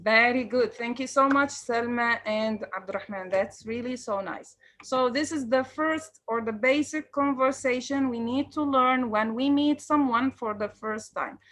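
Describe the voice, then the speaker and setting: A woman's voice: on the high side, a little slow, hardly any pauses, fairly bright tone. Fields: woman, teacher. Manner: encouraging, switches between English and Arabic. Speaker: English teacher. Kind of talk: online class instruction.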